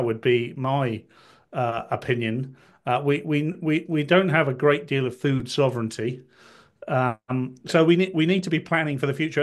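A man talking as a guest on a political podcast, hesitant and full of restarts, with wry asides. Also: on the high side.

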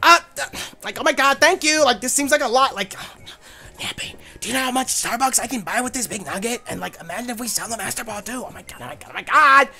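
Guy doing a cocky sassy teen girl trainer, bright and lively, swings way up high, loud and mocking, curses a lot. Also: quick pace, gravelly, soft background music, heavily acted. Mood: giddy. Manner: brash, mocking, profane.

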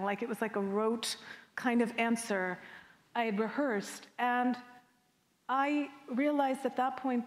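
Middle-aged woman poet from Jamaica, candid Q&A answer, slightly high voice, hall echo. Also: slow pace. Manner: candid and animated, often laughing. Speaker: guest poet. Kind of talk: audience Q&A answer. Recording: long reverb of a lecture hall.

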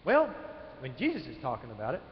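A man preaching a sermon, swinging from loud emphatic lines to quiet ones, in a church sanctuary. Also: medium pitch, wildly swooping pitch, fast. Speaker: pastor. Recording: echoey church hall, dull live stream.

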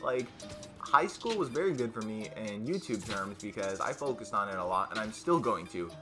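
A teenage boy telling a storytime vlog in a casual, rambling way, with many fillers and restarts, getting loud when quoting his friends. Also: lowish voice, animated, normal speed, over music. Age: teens. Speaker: YouTuber.

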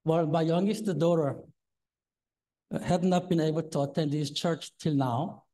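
A man's voice: on the high side, steady tone, a little slow, warm tone, poor audio. A man in his sixties preaching a sermon as a lay preacher, nervous and hesitant with many fillers and a trembling voice. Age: 60s.

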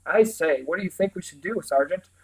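Man playing a pompous colonel, storybook, blustering, plummy, fairly high voice. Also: lively intonation, brisk, creaky, husky, heavily acted, poor audio. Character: pompous blustering old army colonel, male. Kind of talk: storybook character voice.

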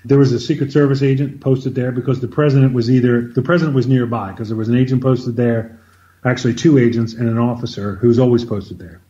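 A man as an interview guest, telling an anecdote in an animated conversational way, often repeating words as he starts a sentence. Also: medium pitch, quick pace, dull audio. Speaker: interview guest, former White House officer. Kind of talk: conversational storytelling.

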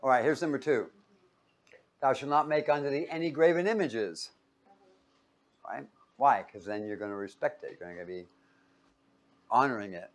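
A man's voice: medium pitch, moderate pace, long pauses. A man teaching a Bible class in a playful way, quizzing his listeners and joking with them as he talks to a live group. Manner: playful, quizzes the audience and jokes.

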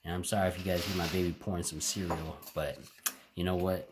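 Male vlogger, low voice, excitable and chatty, addressing viewers directly, home recording with clear background noise. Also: brisk. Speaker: card-opening channel host. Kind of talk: casual card-opening vlog. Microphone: home camera setup.

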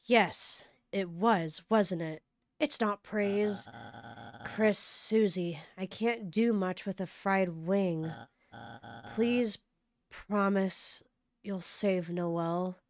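Game character: a woman doing a self-important nerdy bird teen, flowery and pompous, slow deliberate delivery, dry sound. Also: medium pitch, dry recording. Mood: weak. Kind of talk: reading game dialogue aloud.

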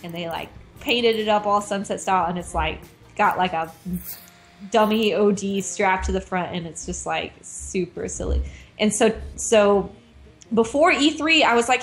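A woman game designer telling a casual story as a guest, animated and full of "like" fillers. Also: mid-range voice, normal speed, faint music behind. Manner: animated, heavy use of "like" fillers.

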